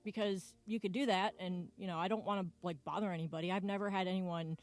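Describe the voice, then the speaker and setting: A woman co-hosting a radio show, chatting casually and telling stories in an animated way. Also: on the low side, fast talker. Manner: lively, animated storytelling. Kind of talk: casual sports radio chat. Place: radio studio.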